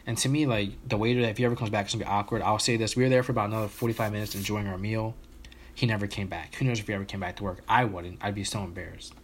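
Low-voiced man telling a rambling story. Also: steady tone, very fast, a little hiss or hum. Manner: rambling storyteller with many restarts and fillers. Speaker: podcast co-host telling a story. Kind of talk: casual chat.

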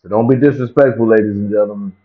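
This male vlogger, fast-talking with a fairly low pitch, delivers a profane, animated comedic rant to camera. He repeats himself for effect, and the recording sounds dull and lo-fi.

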